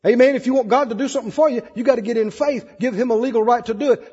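A man preaching a sermon, animated, swinging between loud emphasis and soft asides. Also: very high voice, quick pace, breathy edge, long reverb tail, dull audio.

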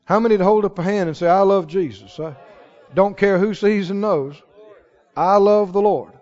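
High-voiced preacher in an echoing church. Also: male voice, moderate pace, darkish tone. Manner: preaching with rising, emphatic declarations. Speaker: pastor. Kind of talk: sermon. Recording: dull sound with long hall reverb.

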